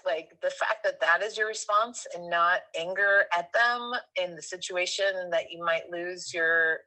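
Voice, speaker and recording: Bright-voiced woman telling a story. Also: on the low side, poor audio. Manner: animated, rambling with fillers and self-corrections. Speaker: guest. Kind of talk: casual storytelling.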